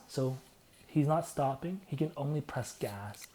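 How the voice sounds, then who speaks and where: Excitable man breaking down lyrics. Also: mid-range voice, measured pace. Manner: excitable, laughs often, keeps breaking into quoted lines. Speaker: comedic lyric breakdown host. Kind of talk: casual comedic commentary.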